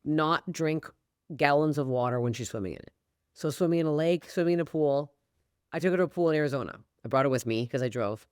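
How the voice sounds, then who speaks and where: A woman from Canada, a comedian guest on a podcast, telling stories in an animated, profane way. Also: deep voice, fast talker, smooth, dry recording, clean studio sound. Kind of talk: casual podcast chat.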